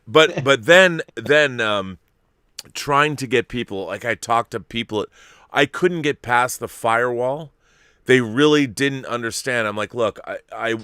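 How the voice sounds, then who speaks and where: Animated storytelling man, bright voice. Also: medium pitch, clean tone, no room sound, studio quality. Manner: animated, swearing, acts out the people in his story. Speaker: podcast host. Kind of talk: casual storytelling chat.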